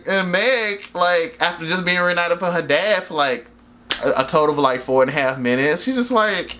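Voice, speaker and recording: A man's voice: on the high side, normal speed, bright, forceful tone, a little hiss or hum. Rambling, slangy young man recapping a movie. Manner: rambling, slangy and profane, full of "like", laughing at his own jokes. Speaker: vlogger reviewing a movie. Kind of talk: casual spoken movie recap.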